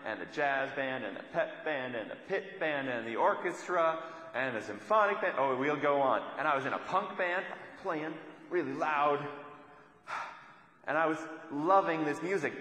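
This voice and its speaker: A man's voice: fairly high pitch, sharp tone, roomy sound, long reverb tail, rough recording. A young adult man giving a sermon, telling a story in a conversational way and repeating lines for emphasis. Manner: storytelling, conversational with rhetorical repetition. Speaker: preacher.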